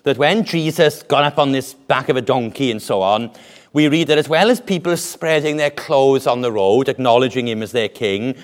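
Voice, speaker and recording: A man preaching a sermon with an animated, deliberate delivery and dramatic pauses. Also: fairly high pitch.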